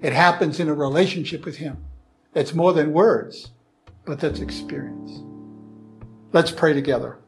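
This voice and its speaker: A man's voice: fairly high pitch, measured pace, gravelly, long pauses, faint music behind. A man giving an earnest, prayerful sermon-style teaching, asking rhetorical questions. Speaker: Christian teacher.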